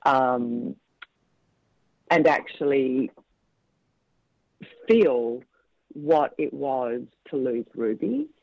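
A thoughtful male film director speaks in a halting, searching way, often circling back to restart a thought. His voice sits at an ordinary middle pitch. The audio is dry and a little muffled, like a radio broadcast. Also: expressive, a little mellow, dry recording. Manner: reflective, halting, many restarts. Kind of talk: radio interview.

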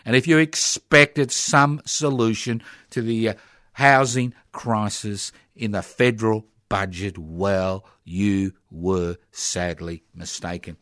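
Ranting sarcastic Australian radio host. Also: male voice, lowish voice, takes it slowly, fairly bright tone, no echo, clean studio sound. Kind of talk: opinionated talk radio monologue.

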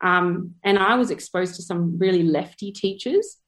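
A woman's voice: lowish voice, moderate pace. Chatty Australian woman telling her story. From Perth, Australia. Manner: chatty, with many filler "like"s. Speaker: photographer and activist. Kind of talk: reflective personal storytelling.

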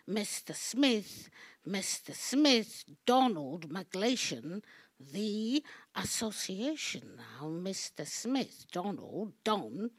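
A woman giving a rambling, free-associating spoken performance, repeating words and phrases, halting and restarting, with sudden loud bursts. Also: medium pitch, slightly rough, dry recording.

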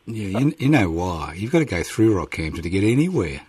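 A man's voice: sits low, sing-song, fairly quick, a little mellow, husky, no echo. A man in his sixties with an Australian accent, hosting a radio interview in a teasing, jokey way. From Queensland, Australia. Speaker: radio host.

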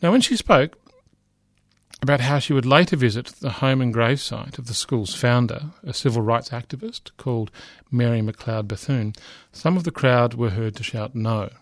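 A man's voice: mid-range voice, normal speed, dry recording, studio quality. A middle-aged man lecturing, reading a news report aloud with frequent asides, fillers and restarts.

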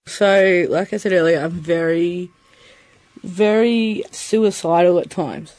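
A young man with an Australian accent tells his own story in a frank, unfiltered way, slipping into the voices of the people he quotes. His voice sits high for a man, and the recording is close and dry with no room sound. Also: fairly even intonation, a little slow, darkish tone, no room sound. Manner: candid, swearing, acts out quoted voices. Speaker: peer interviewee. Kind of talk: personal storytelling.

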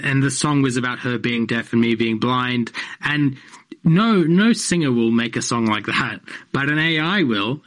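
A man's voice: medium pitch, fairly bright tone. A man being interviewed on radio as a comedian, talking in a rambling, self-interrupting way with frequent laughs. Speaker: comedian guest. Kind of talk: casual interview chat. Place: radio studio.

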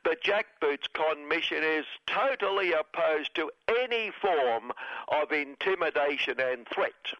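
A man's voice: a little high, lively intonation, unhurried, no echo. A man reads a satirical radio commentary in a sarcastic, mock-solemn voice. The sound is dry and close, with little room around it. The broadcast is dull and lo-fi. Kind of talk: scripted satirical monologue.

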